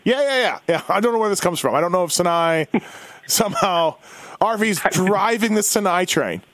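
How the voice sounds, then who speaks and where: A man's voice: sits high, expressive, moderate pace, a bit bright, dry recording. A man co-hosting a casual motorsports podcast, telling a long rambling story and acting out what people said. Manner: rambling storyteller, acts out quotes. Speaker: podcast co-host. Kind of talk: casual chat.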